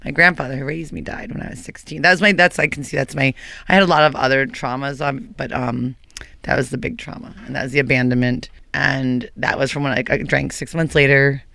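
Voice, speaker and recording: A woman's voice: rumbling low, steady tone, brisk, gravelly, a bit bright, no room sound. A woman talking candidly as a guest, rambling in a hyper, restless way, recorded on a dry close mic. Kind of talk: candid personal talk.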